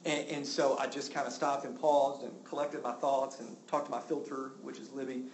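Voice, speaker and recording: Animated pastor preaching. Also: male voice, normal speed. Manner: animated, exclaiming with rising pitch when indignant. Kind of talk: sermon. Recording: roomy with faint background noise.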